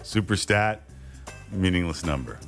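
A man's voice: deep voice, expressive, fairly bright tone, soft background music. A man hosting a sports talk panel. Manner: brisk, joking quiz-style moderating. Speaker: sports talk show host.

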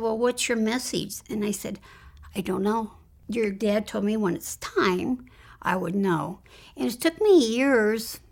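A woman guest in an interview, earnestly recounting a personal spiritual experience and often dropping into a hushed whisper. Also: mid-range voice, gravelly. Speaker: guest telling her near-death story.

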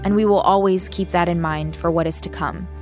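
A woman hosting a podcast, reading a sincere, measured outro thanking listeners. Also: lowish voice, fairly even intonation, over music. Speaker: podcast host.

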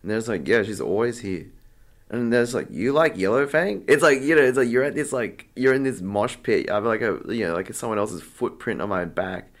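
A man's voice: on the low side, animated, a little fast. A young man being interviewed, chatting casually and acting out the exchanges in his story, with lots of fillers. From Australia. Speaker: interview guest, artist.

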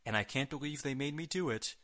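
Man, podcast host, scripted narration, sarcastic asides, bright forceful tone. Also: medium pitch, fast. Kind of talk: scripted wrestling recap narration.

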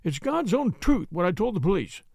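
A frightened, deferential butler, as a man reading a mystery puts him on. He stammers and pleads, his voice sitting high with a gravelly catch, recorded dry and close. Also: big pitch swings, normal speed, darkish tone, no room sound, heavily acted. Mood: pleading. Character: anxious, cringing middle-aged English butler. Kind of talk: audiobook character voice.

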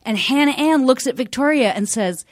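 High-voiced woman retelling a scene. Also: animated, no echo, clean studio sound. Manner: storytelling, quick and amused. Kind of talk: casual recap chat.

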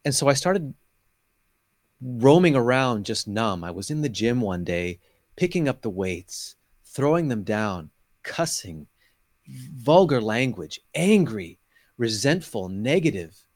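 A middle-aged man appears as an interview guest, earnestly sharing his personal faith testimony with real emotion. His medium-pitched voice is very animated yet slow, with no echo, and he acts out conversations from his past.

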